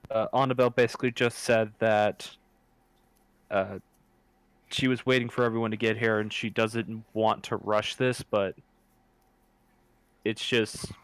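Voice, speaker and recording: A man's voice: fairly low pitch, level tone, measured pace, long pauses, smooth, no echo. A man chatting casually while playing a tabletop role-playing game, often correcting himself mid-sentence. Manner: rambling, self-correcting. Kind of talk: casual tabletop play over voice chat.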